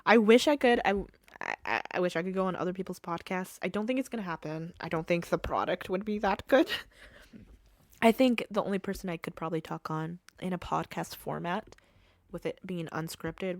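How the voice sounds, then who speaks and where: A woman's voice: fairly low pitch, no room sound, clean studio sound. A woman hosting a casual solo podcast from home, rambling and giggling with self-deprecating asides. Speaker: podcast host. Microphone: podcast microphone.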